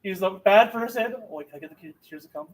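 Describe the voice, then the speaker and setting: A man's voice: high voice, fast, poor audio. A man giving a mock-serious debate speech with impassioned, theatrical outrage.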